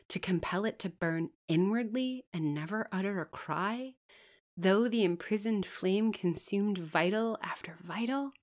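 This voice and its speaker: A woman narrating a classic novel in the first person, measured and expressive, at times dropping to a hush. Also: mid-range voice. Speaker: audiobook narrator.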